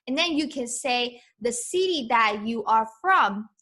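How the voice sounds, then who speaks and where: A woman with as her gives a beginner lesson in English. Her voice is bright and a little high. She speaks slowly and repeats each phrase carefully for learners. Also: expressive. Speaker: Mandarin teacher. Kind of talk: online language lesson.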